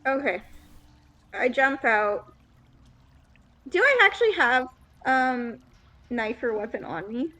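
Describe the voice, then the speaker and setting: A woman with a somewhat high voice plays a tabletop game. She speaks slowly, pausing with ums as she works out each move. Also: lively intonation, bright, forceful tone, poor audio. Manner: slow, hesitant, many ums. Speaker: player.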